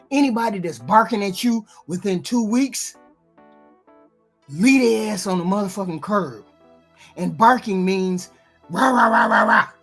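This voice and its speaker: A woman giving blunt, profane reaction commentary on dating, lecturing her audience. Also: mid-range voice. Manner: blunt, lecturing, heavy swearing.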